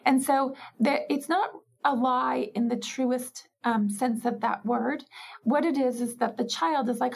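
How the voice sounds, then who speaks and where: A woman with a fairly high voice that carries a gravelly, husky edge. She speaks as a parenting expert in an interview, explaining patiently and reflectively. She often slips into acted-out parent dialogues. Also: steady tone, measured pace.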